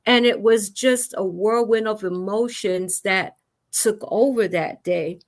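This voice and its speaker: A woman's voice: mid-range voice, measured pace. A woman hosting a conversation about grief, telling her own story in an earnest, emotional way. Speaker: host.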